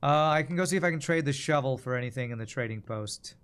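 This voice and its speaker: A man's voice: mid-range voice, quick pace, a bit bright, clear, resonant tone. An American man streaming a video game, thinking aloud in casual, rambling commentary. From United States.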